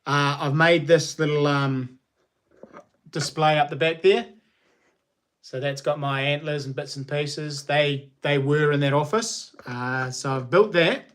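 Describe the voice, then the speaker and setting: A man's voice: fairly high pitch, unhurried, fairly bright tone. A man in his thirties with a New Zealand accent, hosting a casual home livestream, upbeat and chatty with his viewers. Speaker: livestream host. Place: small lounge nook at home.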